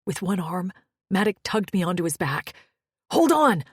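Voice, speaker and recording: A woman reading a first-person fantasy romance audiobook with dramatic delivery, turning breathless at the peaks and hushed in quiet moments. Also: on the low side, moderate pace, breathy edge, no room sound, clean studio sound. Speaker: audiobook narrator.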